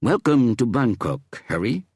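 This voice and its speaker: A man's voice: medium pitch, very animated, a little slow, a little mellow, breathy edge, dry recording, clean studio sound, voice pushed up, heavily acted. A man voicing a small, enthusiastic police chief eager to please his guest. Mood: welcoming.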